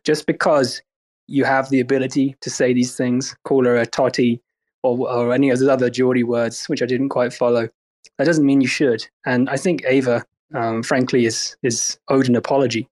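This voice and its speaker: A man's voice: medium pitch, little pitch movement, moderate pace, darkish tone. A man on an audio call delivering mock-serious lectures in casual banter.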